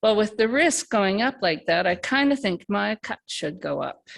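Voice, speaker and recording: A man's voice: sits high, animated, moderate pace, vocal fry, a bit bright, heavily acted. A woman reading a story aloud, voicing a rude, violent male drug dealer who drawls and snarls. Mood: menacing.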